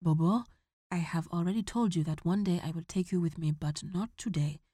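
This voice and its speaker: Calm, reassuring father figure in a storybook, low and soft-spoken, read by a woman. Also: normal speed, no echo, studio quality, close to an everyday voice. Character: calm, steady African ranger father.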